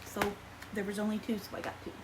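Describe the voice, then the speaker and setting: A woman's voice: medium pitch, completely flat delivery, quick pace, heavy background noise. An American woman chatting casually in a haul vlog while trying on makeup, rambling and poking fun at herself. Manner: chatty, rambling, self-deprecating. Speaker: vlogger.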